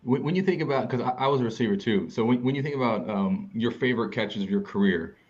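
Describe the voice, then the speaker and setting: A man hosting a sports podcast, recapping a game in an animated, fast-talking way with frequent restarts. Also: mid-range voice, lo-fi sound. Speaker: podcast host.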